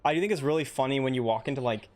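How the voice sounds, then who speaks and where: A man's voice: medium pitch, very fast, faint music behind. Chatty young man streaming a game. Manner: chatty, answers viewers' questions between rounds with many fillers. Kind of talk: casual live-stream chat while gaming.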